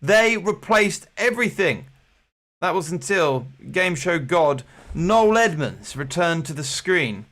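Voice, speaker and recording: A man's voice: a little high, sing-song, takes it slowly, a bit bright. A man hosting an online quiz with jokey, rambling game-show patter. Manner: jokey, rambling, playful showman.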